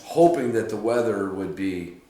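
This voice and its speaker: A man's voice: fairly low pitch, lively intonation, measured pace, warm tone. A man from Michigan hosting a podcast, telling a rambling story in casual chat at a hunting camp and laughing often. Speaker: podcast host. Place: hunting camp room, drinks being poured. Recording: echoey room.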